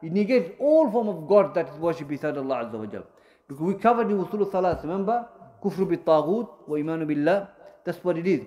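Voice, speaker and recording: An Islamic studies teacher gives a classroom lecture in a slightly high, mellow voice, speaking fast with lively intonation. He explains his points with plenty of fillers and self-corrections, weaving Arabic terms into his English.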